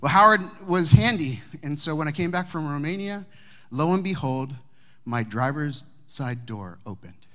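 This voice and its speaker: A man preaching, a pastor telling a personal story to his congregation with humor and warmth of delivery. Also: on the high side, expressive, moderate pace. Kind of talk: sermon storytelling. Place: church sanctuary with congregation.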